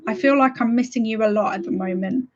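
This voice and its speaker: A woman's voice: on the high side, fast talker, muffled recording, a little hiss or hum. A woman hosting a reading livestream, chatting casually and giggling as she reads out viewer comments. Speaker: streamer hosting reading sprints.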